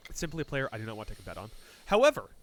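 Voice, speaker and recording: Speaking rapid-fire at medium pitch, this man co-hosts a laid-back sports podcast. He steers the segments with excitable jokes, swearing, and puns on the side.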